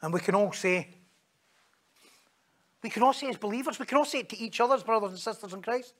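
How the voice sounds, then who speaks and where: A man's voice: sits high, a little fast, pauses often, fairly bright tone. A man with a Scottish accent preaching a sermon, telling stories, joking and acting out the voices of the people he quotes.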